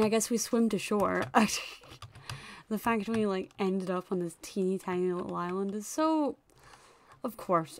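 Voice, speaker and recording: Excitable young woman narrating her gameplay. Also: mid-range voice. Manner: chatty and excitable, with frequent squeals and laughter. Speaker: gaming YouTuber. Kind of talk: casual gameplay commentary.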